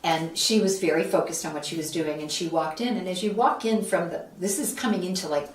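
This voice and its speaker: A woman from Buffalo, New York, recounts a story in a relaxed interview and acts out the lines of the people in it. Her voice sits a little low, and the mic is some way from her in an echoey room with faint noise behind. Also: a little fast. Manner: animated, acts out quoted voices. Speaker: interview guest, author. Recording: roomy echo, mic at a distance, faint background noise.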